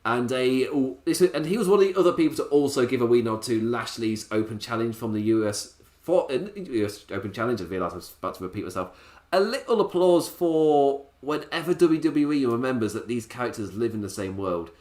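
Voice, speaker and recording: A man's voice: medium pitch, expressive, a little fast, a little mellow. A man reviewing a wrestling show in a casual, sarcastic way, often laughing. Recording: roomy echo.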